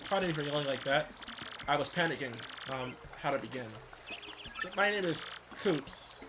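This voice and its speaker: A man voicing a shy young male turtle who stammers and trails off quietly, with game music behind. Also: medium pitch, animated, moderate pace, natural voice. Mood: nervous.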